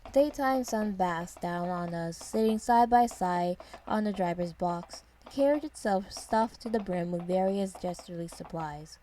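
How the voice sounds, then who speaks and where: A woman's voice: on the low side, normal speed, hardly any pauses, mellow, a little hiss or hum. A woman narrating a first-person story in a descriptive, wry way.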